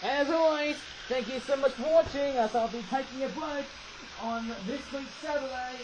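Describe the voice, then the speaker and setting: A man's voice: very high-pitched, normal speed. A man chatting through a casual toy review, rambling on and tagging his sentences with "eh?". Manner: rambling, chatty, tags lines with "eh?"; raising his voice over train noise. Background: toy train running.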